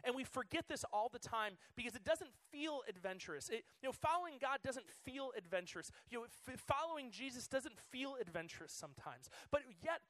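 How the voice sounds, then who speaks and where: A man in his thirties giving a chatty, excitable sermon to students as their youth pastor, full of fillers. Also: very high voice, a little fast, hardly any pauses, dry recording. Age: 30s.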